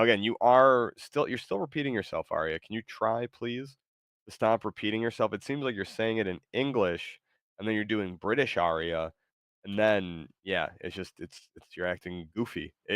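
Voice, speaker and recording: A man hosting a casual stream and talking to an AI, with a halting, filler-heavy delivery. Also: on the low side, fairly bright tone, no room sound, clean studio sound. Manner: halting, full of fillers and restarts. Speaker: streamer host.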